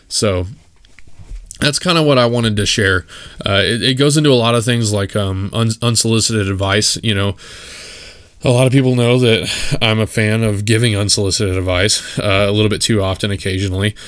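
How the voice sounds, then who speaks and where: Give me a low-voiced man hosting a solo podcast, emphatic and opinionated, recorded dry and close. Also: fairly bright tone, no room sound. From West Texas. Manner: opinionated and emphatic, full of fillers and restarts. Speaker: podcast host. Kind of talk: casual solo podcast monologue.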